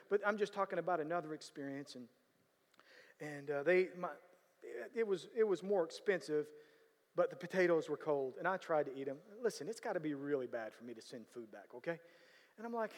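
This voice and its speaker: A man telling a story in sermon style, animated, with sudden loud bursts of emphasis and a habit of asking whether listeners follow him. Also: sits high. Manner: animated, bursts of loud emphasis, repeats "you know what I'm saying". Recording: long hall reverb.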